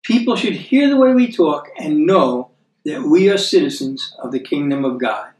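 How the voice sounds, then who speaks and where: A man with an American accent teaches from the Bible in a relaxed, conversational way, checking in with his listeners as he goes and slowing down when he reads scripture. His voice sits a little high for a man. He sounds set back from the mic in an echoey room. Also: distant mic. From United States. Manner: chatty, checks in with tag questions like "okay?" and "right?".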